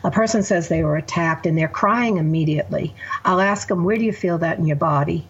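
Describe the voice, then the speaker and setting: A woman's voice: lowish voice, fairly quick, breathy edge, dull audio. A woman therapist guest on a podcast, explaining her method step by step with examples. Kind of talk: podcast interview.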